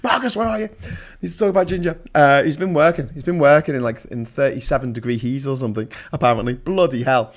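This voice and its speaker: A man hosting a political livestream, reading chat messages and ranting sarcastically, swinging between loud outbursts and low muttering. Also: quick pace. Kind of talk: ranting live-stream commentary reading chat.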